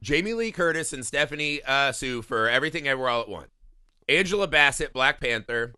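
A man co-hosting a casual film podcast, animated and joking, swearing freely. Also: mid-range voice, a little fast, clear, resonant tone, no room sound, studio quality. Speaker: podcast co-host.

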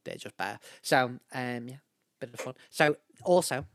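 A man co-hosting a podcast in casual, jokey chat, often trailing off quietly. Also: mid-range voice, moderate pace, no room sound, studio quality. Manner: jokey, trails off softly at ends of lines. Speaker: podcast co-host.

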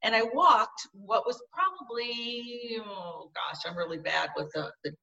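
A middle-aged woman recounts a personal experience in an earnest, halting way, circling back and restarting her phrases. Her tone is bright and sharp. She sits a little away from the microphone. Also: a little high, animated, gravelly, recorded from a distance, muffled recording. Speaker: guest. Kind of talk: personal storytelling in conversation.

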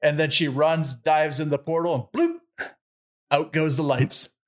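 A man's voice: fairly high pitch, steady tone, measured pace. A man in casual chat describing how a tabletop game story could unfold, in a storytelling way.

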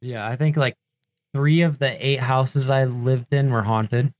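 A man in casual chat, laid-back and quick to laugh, swearing now and then. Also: mid-range voice, fairly even intonation, no room sound. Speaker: paranormal investigator.

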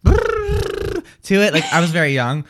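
Animated young man hosting radio chat. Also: a little high, fairly quick, very noisy. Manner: animated storyteller acting out voices. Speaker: radio show host.

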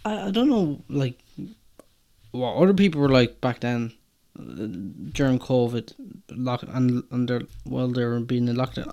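A man's voice: medium pitch, a little mellow. A young man, hosting a solo podcast episode and talking in a rambling, self-conscious way with many hesitant restarts. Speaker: podcast host.

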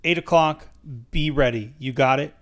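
A loud, pushy ringleader who barks plans at his crew with manic enthusiasm, as a man reads his lines aloud from a memoir. The voice sits in a middle register, much like the reader's own. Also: mid-range voice, normal speed, lightly acted. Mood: bossy, excited. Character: manic male ringleader barking orders. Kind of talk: read-aloud dialogue from a memoir.

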